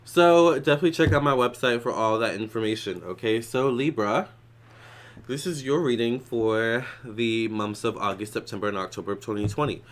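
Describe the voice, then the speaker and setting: A man's voice: mid-range voice, normal speed. A man giving a casual psychic tarot reading in a chatty, loose way, with many fillers and restarts. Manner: prays softly. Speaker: tarot reader.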